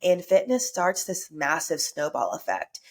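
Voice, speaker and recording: A woman's voice: low-pitched, sing-song, unhurried, a little hiss or hum. A woman hosting a solo motivational podcast, speaking in an upbeat, earnest way while congested with a stuffy nose and sore throat. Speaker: podcast host.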